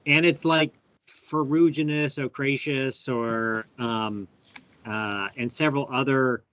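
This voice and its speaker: A man's voice: mid-range voice, steady tone, takes it slowly, a bit bright. A man hosting a live bee workshop on a video call, chatty and thinking aloud as he shows specimens. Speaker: workshop host. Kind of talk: live online workshop teaching. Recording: dull, dry video call audio.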